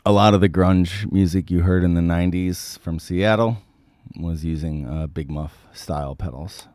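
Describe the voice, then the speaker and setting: A man with a sick voice hosting a casual livestream, answering viewer comments with many ums and frequent throat clearing. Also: sits low, normal speed, darkish tone, no echo.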